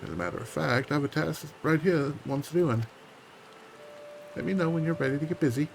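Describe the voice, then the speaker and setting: A man's voice: fairly high pitch, fairly quick, creaky, a little hiss or hum, pitched above the performer's own voice, rough recording. A man voicing a frontier woman who wrangles on a ranch, reading her game dialogue aloud in a put-on old west drawl with a homespun, chatty manner. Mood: folksy.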